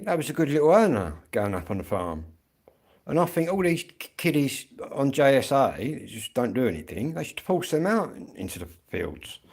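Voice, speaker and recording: A man's voice: mid-range voice, a little mellow. A middle-aged man from England, rambling bluntly in a casual livestream chat and swearing freely.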